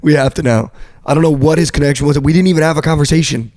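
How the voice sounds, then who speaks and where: A young man co-hosting a podcast, telling a story in a casual, animated way and swearing now and then. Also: a little high, very fast, no room sound, studio quality. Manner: animated storyteller, swears, quotes people flatly. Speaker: podcast co-host. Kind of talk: casual sports betting chat.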